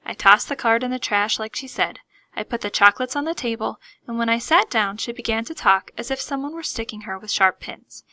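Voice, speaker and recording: A woman reading a first-person story aloud in a lively, expressive comic manner. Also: mid-range voice, normal speed, gravelly, no room sound. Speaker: audiobook reader.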